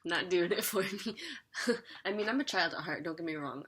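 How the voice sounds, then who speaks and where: A woman's voice: fairly low pitch, moderate pace, fairly bright tone, breathy edge. A young woman vlogging an unboxing in a chatty, giggly way, sometimes talking while she eats. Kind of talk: casual unboxing chat.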